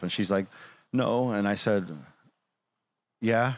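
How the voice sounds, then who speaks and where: Guy with a lowish voice telling a crazy story casually, swears a lot, does the voices of people he quotes. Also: takes it slowly, no room sound. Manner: animated retelling, acting out quoted dialogue; blunt, swears freely.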